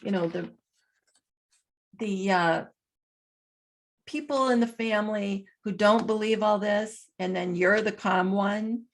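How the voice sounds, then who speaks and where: Speaking at a medium pitch, this woman gives a relaxed vlog monologue. She reads off her notes and carefully, slowly spells out numbers.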